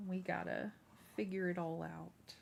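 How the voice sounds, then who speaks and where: A woman's voice: fairly low pitch, flat delivery, a little slow, creaky, a little hiss or hum. A woman hosting a casual craft livestream, chatting with viewers and scolding her cat. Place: home room.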